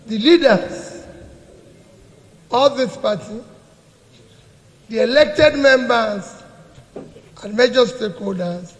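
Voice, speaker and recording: A man addressing a party meeting, speaking deliberately and repeating words as he gathers his thoughts. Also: sits high. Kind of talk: public address. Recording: echoey hall with long reverb.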